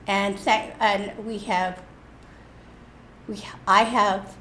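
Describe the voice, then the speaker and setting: A woman sharing a personal story at a church service in a lively, self-mocking way. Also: medium pitch, very slow, slight background noise. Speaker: church speaker. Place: church hall.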